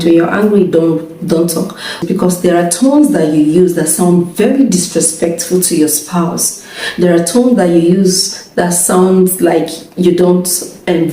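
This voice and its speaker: A woman's voice: on the low side, mellow. A married woman giving casual marriage advice to camera, earnest and checking in with "okay?" after nearly every point. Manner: earnest, repeats "okay?" often. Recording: echoey room, distant mic, faint music.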